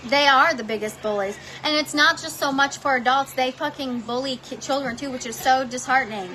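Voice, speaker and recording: A woman's voice: sits high, a little fast, bright, forceful tone, faint music behind. A woman talking casually in her home kitchen while cooking with her child, blunt and heated, swearing freely. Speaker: parent vlogger.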